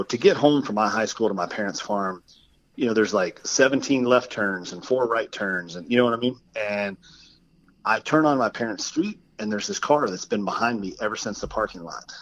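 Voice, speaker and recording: A man's voice: lowish voice, moderate pace, fairly bright tone, dull audio. A man on a podcast telling a long personal story in casual chat, rambling with lots of fillers and acting out the people he quotes. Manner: rambling, filler-heavy, acts out quoted voices. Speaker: podcast guest.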